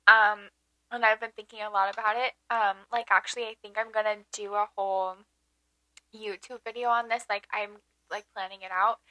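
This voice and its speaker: A young woman co-hosts a podcast in casual chat. She teases and laughs easily. Her voice is high and bright, recorded dry and close. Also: dry recording, poor audio. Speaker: podcast co-host.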